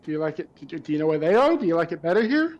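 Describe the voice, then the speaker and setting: High-voiced man, curious tabletop player. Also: big pitch swings, rapid-fire, darkish tone, dull audio. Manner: curious, stumbling questions. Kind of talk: casual in-character chat at a game table.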